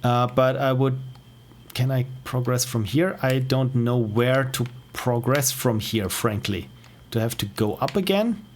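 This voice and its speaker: A man's voice: medium pitch, measured pace, a little hiss or hum. A man with an Austrian accent streaming indie games, thinking aloud with curious questions as he plays. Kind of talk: live gameplay commentary. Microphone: wearing headphones.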